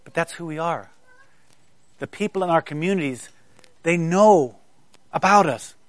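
A man's voice: fairly high pitch, a little slow, dry recording. A middle-aged man from South Carolina preaching a sermon, with conversational storytelling and stammering restarts.

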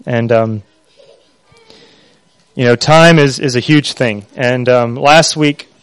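A man preaching a sermon in an earnest, halting way, with many pauses and fillers. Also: medium pitch, smooth, no echo, poor audio.

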